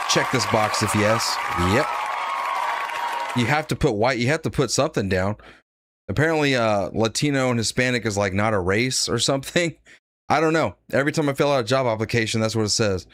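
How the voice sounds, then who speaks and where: A man's voice: mid-range voice, a little fast, a bit bright, no echo, a faint crowd. A man giving blunt, sarcastic live-stream commentary, reading out donations and laughing at his own jokes. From United States.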